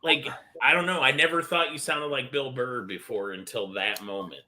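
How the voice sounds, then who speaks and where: A man's voice: medium pitch, steady tone, moderate pace, sharp tone, a little hiss or hum. A man in casual chat, teasing a friend in an amused way.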